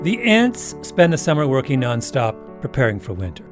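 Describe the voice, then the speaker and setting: A man's voice: medium pitch, huge pitch swings, normal speed, music in the background. A man hosting a podcast, delivering scripted storytelling narration in a wry, dramatic way. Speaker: podcast host.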